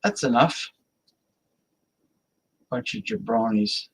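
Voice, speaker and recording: Slow, rambling man hosting a live stream. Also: medium pitch, very animated, creaky, breathy edge, rough recording. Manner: rambling, muttering to himself while inviting guests. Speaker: live-stream talk show host. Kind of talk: casual live-stream chat.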